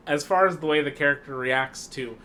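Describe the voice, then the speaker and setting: A podcast co-host with a bright, forward voice on the high side recaps a film casually at a moderate pace. His talk is loose and rambling, full of fillers and restarts, with faint background noise underneath.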